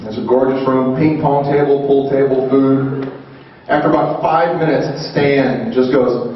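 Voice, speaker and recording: A man's voice: medium pitch, steady tone, measured pace, a little hiss or hum. A man emceeing a convention panel, telling stories to the crowd and acting out quotes and sound effects. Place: large convention hall. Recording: echoey hall, distant mic, muffled.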